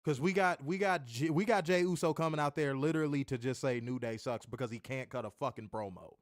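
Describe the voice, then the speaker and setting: A man's voice: mid-range voice, a little fast, dry recording, studio quality. A man reviewing a wrestling show in casual chat, ranting animatedly and swearing often.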